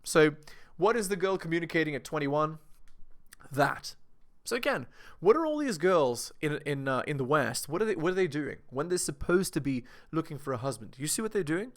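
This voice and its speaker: A man's voice: fairly high pitch, very animated, moderate pace. A man giving reaction commentary to his viewers, lecturing and asking them rhetorical questions. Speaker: video commentator.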